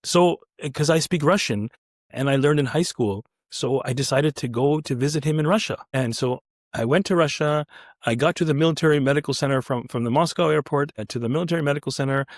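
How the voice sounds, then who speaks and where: A man's voice: on the high side, a little fast, dry recording, clean studio sound. A man, a surgeon, telling a story casually and acting out the dialogue with quoted voices, often restarting his sentences. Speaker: neurointerventional surgeon, podcast guest.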